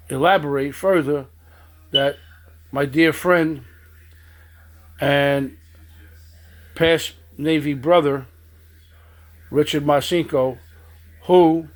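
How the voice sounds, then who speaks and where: A man giving a stern political monologue, accusing and addressing people directly. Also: fairly high pitch. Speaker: political commentator.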